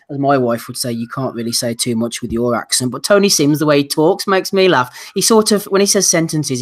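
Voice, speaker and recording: A man hosting a casual boxing podcast, reading out listener nominations with dry asides. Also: medium pitch. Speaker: podcast host.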